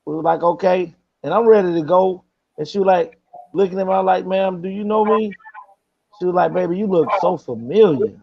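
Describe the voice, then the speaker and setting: A man's voice: high-pitched, fairly even intonation, fairly quick, gravelly. A man tells a story in casual conversation. He slips into the voices of the people he quotes. The sound is a little dull and lo-fi. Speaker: host.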